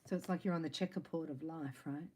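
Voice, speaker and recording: A woman's voice: low voice, steady tone, quick pace, mellow, husky, low-quality recording. A woman giving a casual spiritual reading to her viewers, chatty and playful, laughing between lines. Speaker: psychic tarot reader.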